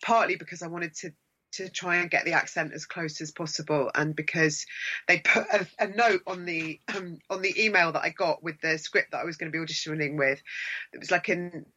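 A woman's voice: lowish voice, steady tone, fairly quick, sharp tone, lo-fi sound. A woman from Sussex, an actress guest chatting enthusiastically in an interview, rambling with restarts. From Sussex, England. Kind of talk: casual interview chat.

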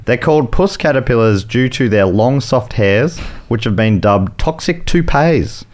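A man's voice: medium pitch, darkish tone. An Australian man hosting a comedy quiz podcast, reading out questions and headlines with playful comic timing. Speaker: game show host.

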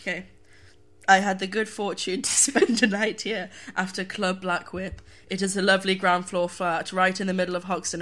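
A woman's voice: mid-range voice, bright, forceful tone. A woman co-hosting a podcast, chatting casually and laughing often while reading out reviews. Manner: giggly, breaks into frequent laughter. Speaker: podcast co-host. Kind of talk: casual comic chat.

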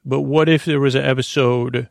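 Male sleep-podcast host, goofy and meandering, gravelly, dry close mic. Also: mid-range voice, fairly even intonation, moderate pace, no room sound. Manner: goofy, meandering, full of self-corrections. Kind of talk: rambling sleep podcast monologue.

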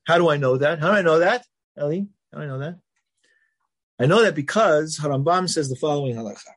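High-voiced rabbi teaching a lively class. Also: male voice. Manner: animated, asks the class questions and answers them; reads Hebrew quickly, then explains in English. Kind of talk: classroom lecture on religious texts.

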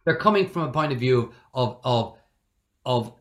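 A middle-aged Irish man telling stories in a relaxed interview, animated and given to acting out the people he quotes. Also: medium pitch, normal speed. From Ireland. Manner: animated, acts out quoted voices. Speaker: guest. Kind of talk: conversational storytelling.

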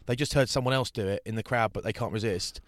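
Chatty man, low dry voice. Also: fast, no echo. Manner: chatty, rambling, does mocking voices for hecklers. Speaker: rugby broadcaster and podcast co-host. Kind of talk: casual chat.

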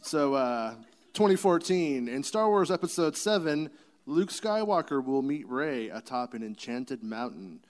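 A man with a middling pitch reads out predictions in casual podcast talk. His delivery is dry and matter-of-fact. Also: sing-song, unhurried. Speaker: podcast co-host. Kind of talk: casual chat, reading out predictions.

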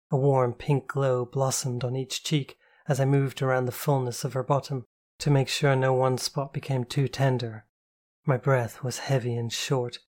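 A woman reading a novel aloud in the first person, calm, slow and intimate. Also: very deep voice. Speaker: audiobook narrator.

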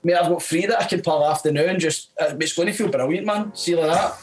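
A man's voice: fairly high pitch, fast talker, faint music behind. A Scottish man, a comedian, chatting casually as a guest, swearing freely, laughing as he tells stories. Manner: sweary, laughing, says mate a lot. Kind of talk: casual chat.

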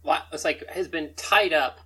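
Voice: medium pitch, moderate pace, fairly bright tone, slightly rough, low-quality recording. A game master narrating a tabletop game in a rambling way, often chuckling between descriptions.

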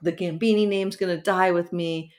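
A woman's voice: lowish voice, steady tone, normal speed, darkish tone. A woman co-hosting a casual podcast, making sarcastic, laughing comments about a TV episode. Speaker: podcast co-host. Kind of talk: casual comedic recap chat.

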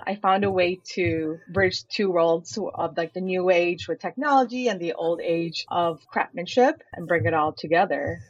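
A woman's voice: fairly low pitch, dry recording, dull audio. A young woman, a company founder chatting in an interview, full of "like" fillers and laughing as she tells stories. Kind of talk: casual interview conversation.

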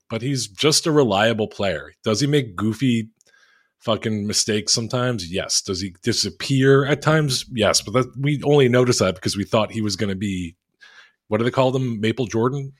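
A man co-hosting a basketball podcast in casual chat, easygoing and asking questions. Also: fairly low pitch. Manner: easygoing, asks questions, laughs often. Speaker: podcast co-host.

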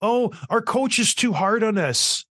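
A man putting on the voice of pouting young hockey players, pitched well above his normal talk and whining like spoiled kids. The mockery is petulant and nasal in spirit, delivered close and dry with no room around it. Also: animated, a little slow, bright, forceful tone, no echo, exaggerated voice. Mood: whiny.

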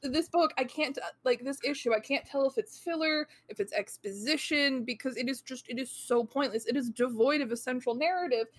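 A woman co-hosting a casual comic book podcast, wry and critical, swearing and laughing as she talks. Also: high voice. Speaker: podcast co-host.

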